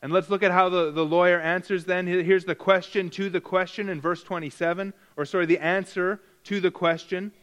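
A man delivers a verse-by-verse Bible teaching in a voice that sits a little high for a man. He hammers key words through repetition. He often restarts phrases and corrects himself mid-sentence. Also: steady tone, brisk, hardly any pauses, fairly bright tone, smooth. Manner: frequent restarts and self-corrections. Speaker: preacher.

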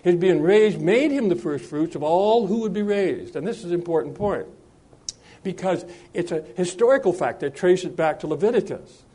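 A man preaching a sermon, speaking in a measured way with frequent hesitations and restarts, and slowing down and lifting his voice when he reads scripture aloud. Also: high voice, lively intonation, warm tone. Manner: slows and lifts his voice when reading scripture.

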